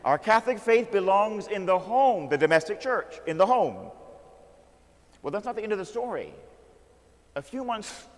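An American man, a Catholic priest, telling stories in an animated sermon and calling out "Amen?" to the crowd. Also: high voice, normal speed, long pauses, in a large hall. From United States. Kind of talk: storytelling sermon.

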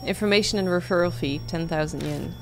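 A woman's voice: fairly low pitch, a little fast, lightly acted, rough recording. A woman doing a wheedling shady journalist man. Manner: casual, wheedling. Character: shady scrounging middle-aged male journalist. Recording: game music playing behind.

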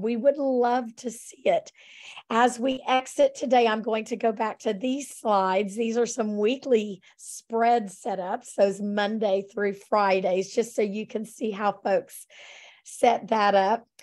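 A woman's voice: medium pitch, darkish tone. A woman with a scratchy, strained voice hosting a casual online planning session, friendly and full of ums and restarts. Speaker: host of a weekly planning session. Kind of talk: casual online workshop talk.

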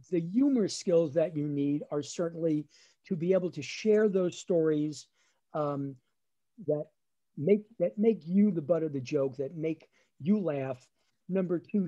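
A man's voice: a little high, dull audio. A middle-aged man with a New Jersey accent, a lawyer and comedian telling funny family stories on a webinar video call. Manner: animated, acts out family voices. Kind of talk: storytelling stand-up on a webinar.

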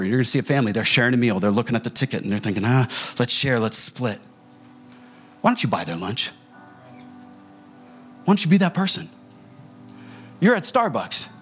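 Male pastor, fairly high husky voice, lively swooping delivery, animated sermon storytelling. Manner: animated storytelling, acting out quoted dialogue. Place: church sanctuary.

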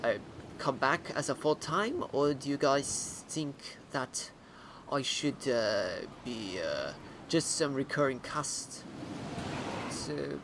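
A man's voice: medium pitch, lively intonation, slow pace, noisy background. A man voicing a new male gamer character with a put-on Australian accent, rambling through gameplay with many fillers. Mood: chatty. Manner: hesitant, filler-heavy, louder than his own voice.

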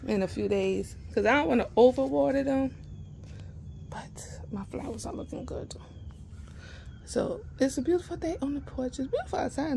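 A woman with speech talks casually in a home vlog. Her voice sits a little high with a gravelly, fry-edged texture. A faint hiss runs under the recording. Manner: chatty storytelling, blunt and profane. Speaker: vlogger. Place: home, partly out on the porch.

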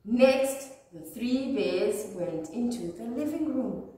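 A woman, an early years teacher, reading a children's story aloud with slow, expressive delivery. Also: fairly high pitch, recorded from a distance. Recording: echoey room, voice off-mic.

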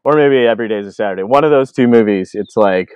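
Low-voiced man telling stories casually. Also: fast, smooth, no echo. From Canada. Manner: animated, acts out quoted voices, many fillers. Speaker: filmmaker guest. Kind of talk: casual storytelling.

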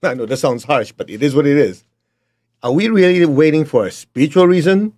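A man's voice: on the high side, a little fast, a little mellow. Blunt middle-aged man with a Chinese accent. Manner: blunt, emphatic, direct. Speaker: motivational teacher. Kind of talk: motivational talk.

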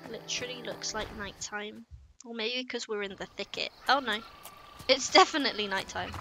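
A woman's voice: on the high side, normal speed, pushed and bright. A young woman streamer giving playful, chatty let's-play commentary, talking to herself and her chat. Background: game music.

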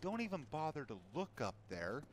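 A man's voice: fairly high pitch, sing-song, moderate pace, slight background noise. A man commentating his own video game play in a frustrated, profane rant. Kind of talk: casual gameplay commentary. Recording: gameplay with loud gunfire behind. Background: game gunfire and clicks.

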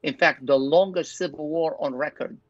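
An older Lebanese man, both pastor and doctor, shares his personal testimony as an interview guest, earnest and storytelling, acting out his own quoted thoughts. His voice is on the high side at normal speed, in a dull, dry lo-fi recording.

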